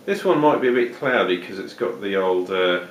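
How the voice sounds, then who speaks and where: Chatty vlogger, male, hamming up a put-on Australian accent, low-pitched, recorded from a distance in a roomy space. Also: expressive, normal speed, slight background noise. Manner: chatty, jokey, rambling with fillers. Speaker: vlogger reviewing beer. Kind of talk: casual beer review vlog. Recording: roomy, distant home-video sound.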